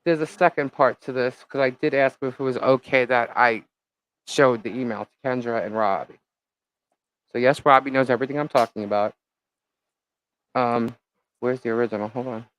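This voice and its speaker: A woman live-streaming as a vlogger, telling a gossip story in an animated, indignant way with lots of fillers. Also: very deep voice, normal speed, long pauses, poor audio.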